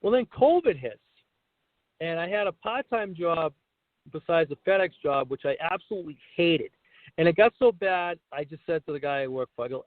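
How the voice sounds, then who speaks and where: This guest, a middle-aged comedian, shares stories from his career during a casual interview, performing the lines of the people involved. He speaks at a moderate pace in a fairly high voice with lively intonation, recorded dry over a tinny call line.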